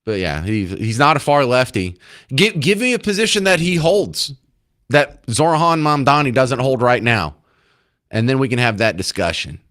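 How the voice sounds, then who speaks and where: A man's voice: mid-range voice, animated, normal speed, fairly bright tone. A male talk radio host commenting sarcastically and acting incredulous at clips.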